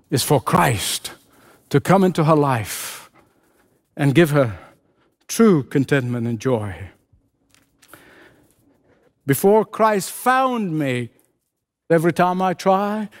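A man preaching a sermon with an impassioned, repetitive cadence, hammering his points again and again. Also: on the high side.

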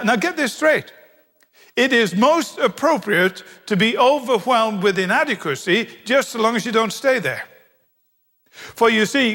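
A British man preaching a sermon, animated and humorous, acting out quoted voices in his stories. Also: high voice. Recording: long hall reverb.

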